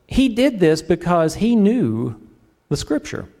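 Middle-aged male pastor, lively sermon delivery, a little high-pitched and very expressive. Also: slow pace. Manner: animated, jokes and acts out his own prayers.

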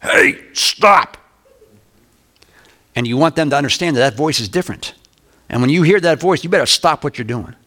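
A man's voice: a little high, a bit bright. Older man teaching a Bible lesson. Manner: reads scripture aloud slowly, explains verse by verse; conversational asides to the congregation. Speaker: pastor.

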